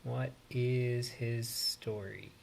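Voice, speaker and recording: A man hosting a live stream, thinking aloud in an unhurried way with pauses and fillers. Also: mid-range voice, steady tone, vocal fry, darkish tone, slight background noise. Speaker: host. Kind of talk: casual live-stream commentary.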